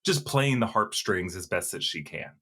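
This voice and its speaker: A man's voice: sits low, lively intonation, normal speed, sharp tone, breathy edge. A man co-hosting a casual pop-culture discussion, rambling with lots of fillers and restarts. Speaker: co-host.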